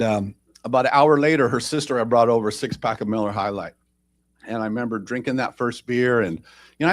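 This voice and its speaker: A man sharing his personal recovery story at a meeting, in a rambling, conversational way with self-deprecating humor. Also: medium pitch.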